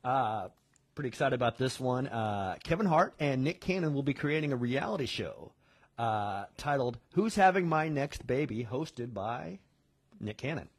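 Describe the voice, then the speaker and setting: A man's voice: mid-range voice, expressive, moderate pace, breathy edge. A man co-hosting a casual podcast, reading out news items in a laid-back way. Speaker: podcast co-host.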